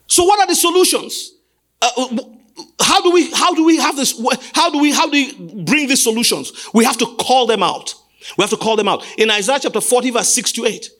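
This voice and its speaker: A man preaching a sermon as pastor, emphatic and repetitive, building up to shouts. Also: very high-pitched, big pitch swings, brisk. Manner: emphatic, repeats phrases, rises to shouts.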